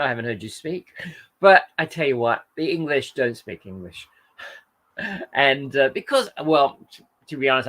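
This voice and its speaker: A man's voice: mid-range voice, fairly bright tone. An Australian man hosting a casual livestream, reading viewer comments aloud and rambling in friendly chat.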